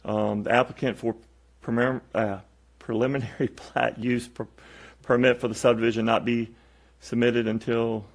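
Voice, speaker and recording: Flat-voiced commissioner reading a motion. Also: male voice, mid-range voice, gravelly. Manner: halting, self-correcting. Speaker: county commissioner. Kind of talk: reading motion conditions aloud.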